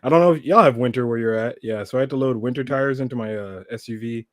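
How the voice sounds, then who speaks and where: A man's voice: medium pitch, quick pace, no room sound, studio quality. A Canadian man co-hosting a toy podcast, chatting casually in a laid-back, rambling way and laughing easily. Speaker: podcast co-host. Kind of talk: casual chat.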